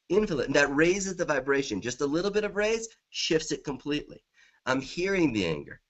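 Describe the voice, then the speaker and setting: A man's voice: on the high side, big pitch swings, brisk. A middle-aged man, a guest author in a conversational interview, talking with enthusiasm and repeating affirmations.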